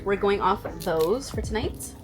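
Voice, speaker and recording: A young woman hosting a casual girl chat, talking in a relaxed, easygoing way. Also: mid-range voice, unhurried. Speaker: host. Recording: music playing behind.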